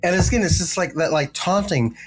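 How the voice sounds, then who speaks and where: A man co-hosting a podcast, chatting casually and excitedly, swearing freely and trailing into fillers. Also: high-pitched, brisk, faint music behind. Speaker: podcast co-host. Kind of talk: casual chat about music.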